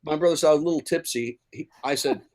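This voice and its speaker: A man's voice: on the high side, fast talker, a little mellow. A man from Chicago, a musician guest, telling stories in a casual interview with many fillers and restarts.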